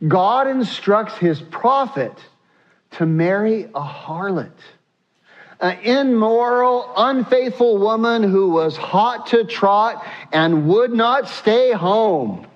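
A man's voice: high voice, darkish tone, muffled recording. A man preaching a sermon as pastor, teaching in a conversational way with asides and fillers.

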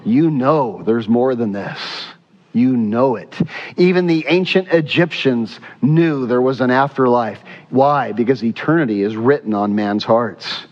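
A man's voice: medium pitch, a little slow, darkish tone. A man preaching a sermon as pastor, emphatic and repetitive, with frequent fillers. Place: church sanctuary. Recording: dull sound with long hall reverb.

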